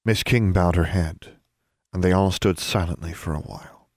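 A man narrates an audiobook in a measured, even storytelling style. His voice sits low, and the recording is dry with clean studio sound.

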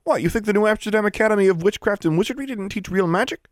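A man's voice: high-pitched, lively intonation, rapid-fire, no room sound, studio quality, pitched above the performer's own voice. A man voicing a cocky, swaggering teenage wizard boy with a taunting manner.

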